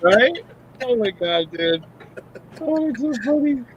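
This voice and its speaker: A man in a casual chat who tells stories in an animated way, laughing as he goes. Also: very high-pitched, takes it slowly, lo-fi sound. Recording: faint background noise.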